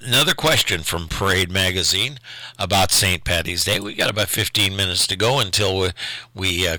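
A man's voice: lowish voice, sharp tone, dry recording. An older man from Ohio hosting a local call-in radio show, rambling in a chatty, self-deprecating way. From Ohio, USA. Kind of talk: casual radio chat.

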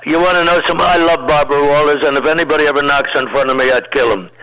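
An older man, a comedian, tells rambling, lively stories in a relaxed interview. He talks with a slightly high pitch and a very bright, forceful tone. He keeps restarting his sentences as he goes. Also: racing, rough recording. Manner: rambling, animated anecdotes with restarts. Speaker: comedian guest. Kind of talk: casual storytelling in an interview.

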